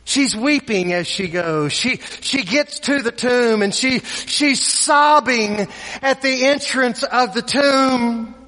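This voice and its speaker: Male preacher, very high and bright voice, slow deliberate storytelling, echoey hall. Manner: repeats words, dramatic pauses, voices characters in quotes. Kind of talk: sermon storytelling.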